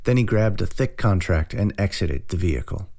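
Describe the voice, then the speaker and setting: Gravelly low-voiced male audiobook narrator. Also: animated, moderate pace, a little mellow.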